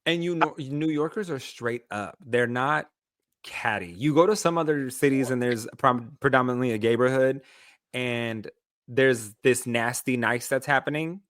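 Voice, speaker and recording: A young man hosting a podcast, teasing his co-host and telling stories in a playful, drawn-out way. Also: medium pitch, fairly bright tone, no echo, clean studio sound. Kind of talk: casual chat.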